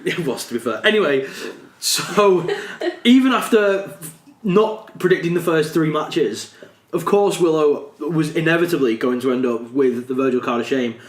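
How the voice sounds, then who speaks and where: A man with a fairly high voice hosts a podcast, joking and swearing casually. His voice carries a roomy echo. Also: normal speed. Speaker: podcast host. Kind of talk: casual chat.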